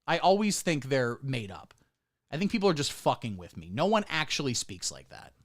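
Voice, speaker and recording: A man streaming sarcastic commentary, swinging between deadpan mutters and sudden squeaky outbursts. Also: moderate pace. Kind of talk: satirical livestream commentary.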